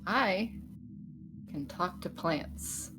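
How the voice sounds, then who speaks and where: A woman's voice: on the low side, lively intonation, drawn-out words, background noise. A woman playing a tabletop game, talking in an upbeat, chatty way. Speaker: player. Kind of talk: casual tabletop game chat. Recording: music playing behind.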